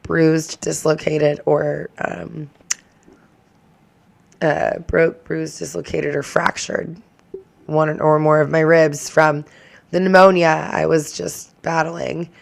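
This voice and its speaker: A woman's voice: sits low, level tone, takes it slowly, vocal fry. A woman hosting her own reaction channel, chatting casually to the camera in a rambling way that keeps drifting into tangents.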